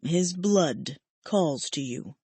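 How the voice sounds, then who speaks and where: A woman narrating an audiobook, voicing an ancient, sorrowful male angel who speaks softly and solemnly. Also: medium pitch, a little slow, dry recording, close to an everyday voice. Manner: soft, hushed, solemn. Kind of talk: audiobook character voice.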